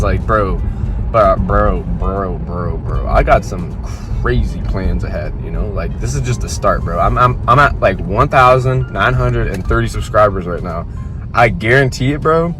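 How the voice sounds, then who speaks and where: Rambling young man vlogging over music. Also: lowish voice. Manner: rambling storytelling, slangy and animated. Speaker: fitness vlogger. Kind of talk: casual vlog talk to camera.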